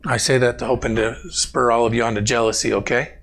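A man's voice: medium pitch, fast talker, vocal fry. A man preaching a conversational sermon to his congregation, telling personal stories and calling on members by name. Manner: animated, talks directly to congregation members by name. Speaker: pastor.

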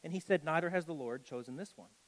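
A man's voice: a little high, fast talker, rough recording. A man preaching as a pastor, reading scripture and breaking off into conversational asides with lots of "like" and "okay".

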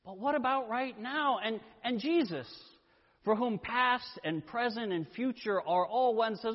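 Male pastor, high-pitched, unhurried sermon delivery, long reverb. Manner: slow, deliberate preaching with dramatic pauses. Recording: dull sound with long church reverb.

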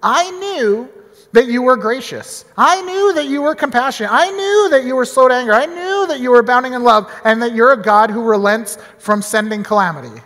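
A man's voice: extremely high pitch, big pitch swings, slow, pushed and bright, big-room sound, heavily acted. A man putting on a petulant sulking prophet. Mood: indignant. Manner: exasperated, whiny complaining. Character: petulant angry male prophet, sulking at God.

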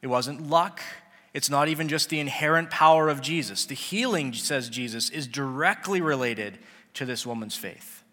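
A man's voice: medium pitch, moderate pace, bright, forceful tone. A man preaching a sermon, who talks casually and acts out the people he quotes. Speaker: pastor. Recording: long hall reverb.

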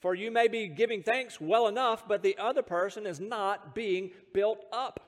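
A man's voice: high-pitched, normal speed, in a large hall. An American man preaching a sermon, explaining scripture and telling stories with self-deprecating humor and the odd chuckle. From United States. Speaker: pastor.

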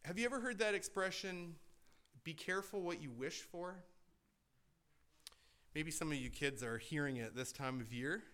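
A man preaching a sermon in a conversational way, asking the congregation questions and shifting between loud emphatic lines and quiet asides. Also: fairly high pitch, moderate pace, long pauses, smooth. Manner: conversational preaching with rhetorical questions and repeated restarts. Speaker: pastor.

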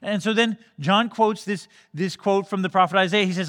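A man's voice: high-pitched, moderate pace, hardly any pauses, a bit bright, big-room sound. A man preaching a sermon in a conversational way, often restarting phrases and briefly acting out the people he quotes. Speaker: pastor.

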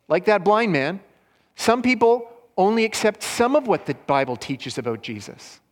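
High-voiced man preaching in a reverberant hall. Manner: storytelling, rises in pitch for quoted lines. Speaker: pastor. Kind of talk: sermon retelling a story for children. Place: church hall.

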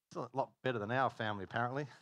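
In a dry recording, a man with a mid-range, slightly bright voice delivers a chatty sermon. He tells stories, interrupts himself partway through sentences, and acts out what people said.

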